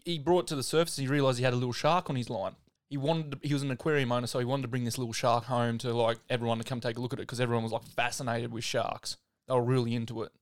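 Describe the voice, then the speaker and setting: An Australian man hosting a podcast, retelling a true story in a relaxed way, full of "like". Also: medium pitch, rapid-fire, no echo, clean studio sound. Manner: relaxed, filler-heavy retelling with "like". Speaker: podcast host. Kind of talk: casual storytelling.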